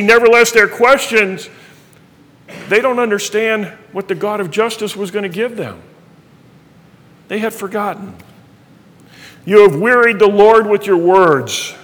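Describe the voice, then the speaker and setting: Middle-aged male pastor, high-pitched, earnest sermon delivery, reverberant church hall. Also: a bit bright. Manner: earnest preaching, reading scripture aloud.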